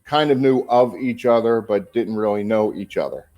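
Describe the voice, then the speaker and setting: A man around fifty, a former pro wrestler and podcast guest, telling stories in a casual, animated way and swearing freely. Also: fairly low pitch, normal speed, faint music behind. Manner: animated storyteller, swears freely, acts out dialogue. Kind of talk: casual storytelling interview.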